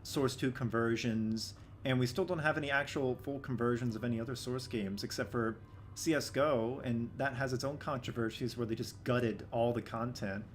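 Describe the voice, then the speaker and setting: A man's voice: medium pitch, fairly even intonation, normal speed, a little hiss or hum. A man hosting a casual game development live stream, chatting with friends in profane, exasperated banter.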